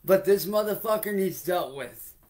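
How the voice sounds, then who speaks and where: A man's voice: sits high, lively intonation, moderate pace, a little mellow. A man livestreaming, ranting angrily and profanely at a viewer and then apologising to his audience, repeating himself often. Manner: heated, profane, confrontational; repetitive, addresses a heckler then the audience. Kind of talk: angry livestream rant to viewers.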